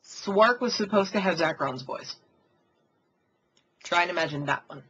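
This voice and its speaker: A woman's voice: on the low side, measured pace, highs cut off, loud music behind the voice. A woman voice actress chatting casually about her characters, rambling with lots of fillers. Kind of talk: casual behind-the-scenes chat.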